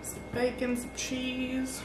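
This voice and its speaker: A woman hosting a casual barbecue cooking vlog, chatty and excited as she cooks and tastes the food. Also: high voice, takes it slowly, echoey room, recorded from a distance, noisy background. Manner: excited, chatty, talks while tasting. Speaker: barbecue channel host.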